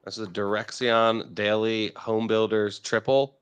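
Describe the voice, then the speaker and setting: A man hosting a live stock market show, talking in brash, profane, excitable trader banter. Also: on the low side, unhurried, clear, resonant tone, no echo. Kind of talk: casual market chat.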